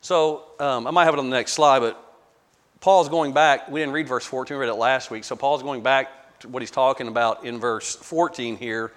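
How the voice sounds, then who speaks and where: Male Bible study leader, mid-pitched, conversational, stumbles and repeats words, echoey hall. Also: steady tone, moderate pace, fairly bright tone. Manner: conversational, repeats words, asks the group questions. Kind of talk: verse-by-verse Bible study teaching.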